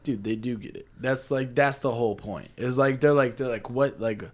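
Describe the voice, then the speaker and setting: A man's voice: medium pitch, normal speed. A young man co-hosting a casual chat, emphatic, swearing a lot and saying dude and bro. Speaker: podcast co-host.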